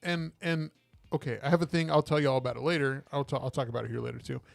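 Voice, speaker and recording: A man's voice: mid-range voice, quick pace, gravelly, dry recording, studio quality, faint music behind. A man co-hosting a casual podcast, telling stories animatedly and acting out the people he quotes. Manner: animated storyteller who acts out quotes. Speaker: podcast co-host. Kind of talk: casual chat.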